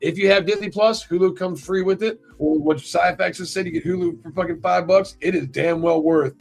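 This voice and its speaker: A man hosting a casual podcast, talking in a profane, rambling, animated way. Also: high voice, a little fast, gravelly, faint music behind. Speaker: podcast host. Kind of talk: casual chat.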